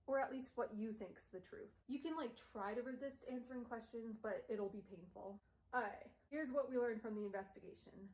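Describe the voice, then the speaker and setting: A woman's voice: on the high side, moderate pace, darkish tone. A young woman streamer chatting through a casual book recap, with lots of fillers. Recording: echoey room.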